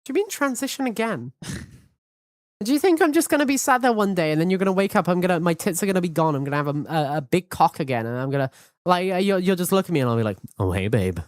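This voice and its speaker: Cheeky woman streamer, low voice. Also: animated, fast, no room sound, clean studio sound. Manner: hyperactive, cheeky, swears freely. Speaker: VTuber streamer. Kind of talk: casual live-stream chat. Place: home streaming setup.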